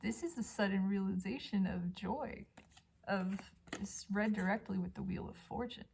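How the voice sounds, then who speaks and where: A woman doing an intuitive tarot reading at home, gushing and dreamy, often dropping into soft whispers. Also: mid-range voice, moderate pace, vocal fry, a little hiss or hum. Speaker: tarot reader. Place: home by a balcony.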